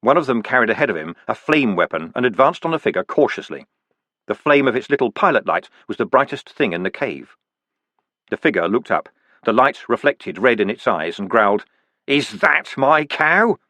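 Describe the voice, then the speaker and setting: A male audiobook narrator with a mid-pitched voice and a lively, animated delivery. He reads dramatic fantasy prose with deliberate pauses, and the recording sounds close and dry. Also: dry recording. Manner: vivid, expressive reading with deliberate pauses.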